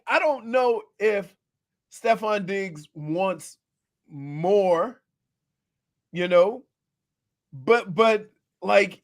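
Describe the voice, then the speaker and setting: A high-pitched man talking sports on the radio, quick to laugh and eager to press his point. He repeats words as he builds an argument in loose, casual talk. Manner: animated, emphatic, laughs often, repeats words.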